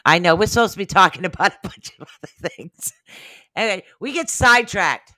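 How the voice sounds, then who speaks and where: A man's voice: high-pitched, lively intonation, fairly quick, bright, forceful tone, no room sound. A man hosting a casual livestream chat, talking in a rambling, chatty way and drifting off topic. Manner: rambling, chatty, easily sidetracked. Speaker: show host.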